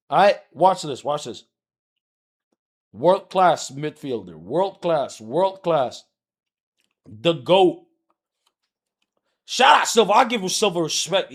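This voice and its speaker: A man live streaming, ranting heatedly and profanely about soccer, repeating himself as he argues with his chat. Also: on the high side.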